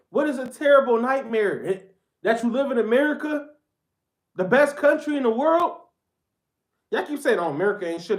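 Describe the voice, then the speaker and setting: A heated political reaction rant from a commentator who talks bluntly and keeps circling back to the same points. The speech is loose and slangy, with "bro" thrown at the audience again and again. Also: medium pitch. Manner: blunt, repetitive, slangy, addresses viewers as bro.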